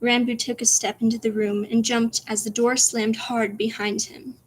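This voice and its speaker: Female streamer, story read-aloud, hushed and whispery, chatty giggling asides. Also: fairly high pitch, little pitch movement, moderate pace, slight background noise. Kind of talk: reading her own story aloud on stream.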